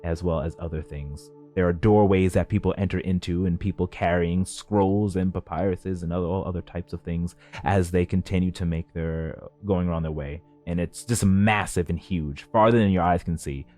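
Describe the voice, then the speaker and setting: A man's voice: deep voice, fairly even intonation, normal speed, hardly any pauses, dark tone, soft background music. A man narrating as game master in a tabletop game, describing scenes with many fillers.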